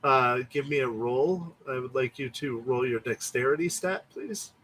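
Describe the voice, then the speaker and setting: A man running a tabletop game as game master, easygoing and quick to laugh. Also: medium pitch, fairly bright tone, slight background noise.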